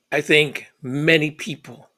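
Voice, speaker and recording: A man telling a personal story, halting and repeating words in an earnest way. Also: on the high side, sharp tone.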